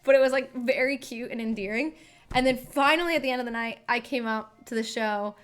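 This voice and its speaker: A young woman who sings chats casually on a live stream into a desk microphone, rambling and using lots of filler words. Her voice is a little high and brisk.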